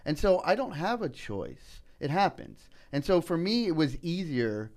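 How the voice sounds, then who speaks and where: A middle-aged man telling personal stories in a casual podcast chat, earnest and animated, often saying "man" and "you know". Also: fairly high pitch, measured pace. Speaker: political candidate guest.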